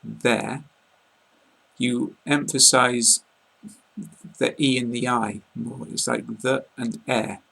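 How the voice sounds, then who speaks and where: A British man giving a casual online pronunciation lesson, speaking slowly and carefully and repeating example words. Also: medium pitch, level tone, creaky, sharp tone, husky, rough recording. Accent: British English. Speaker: English pronunciation teacher.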